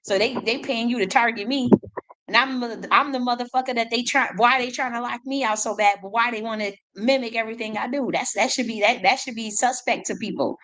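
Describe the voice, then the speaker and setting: A woman's voice: fairly high pitch, fairly bright tone, poor audio. Profane ranting woman. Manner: blunt, profane, combative, rapid repetitions. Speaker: independent artist. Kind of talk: ranting monologue.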